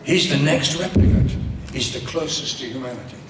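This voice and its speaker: A man's voice: medium pitch, brisk, vocal fry, reverberant, far from the mic, a little hiss or hum. An older man with an Irish accent, telling rambling, theatrical anecdotes as a guest on a convention panel. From Ireland. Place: large convention hall.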